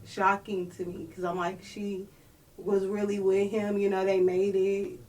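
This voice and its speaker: A woman's voice: medium pitch, flat delivery, unhurried, a little mellow. Candid woman talking, mic far off. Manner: candid, conversational, many fillers. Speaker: guest. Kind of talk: casual podcast chat.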